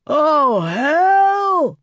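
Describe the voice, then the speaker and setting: A man's voice: a little high, slow pace, dry recording, dull audio, heavily acted. A man voicing a wounded, desperate male bandit with a ruined face in an audiobook, slurring and snarling his threats. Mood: panicked. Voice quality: slurred, gravelly. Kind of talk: audiobook character voice.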